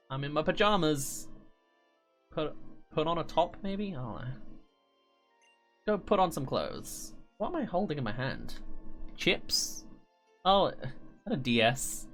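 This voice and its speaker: A man's voice: on the high side, wildly swooping pitch, measured pace, long pauses, faint music behind. A British man streaming a game, chatting playfully and thinking aloud while reading chat. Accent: British English. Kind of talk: casual let's-play commentary.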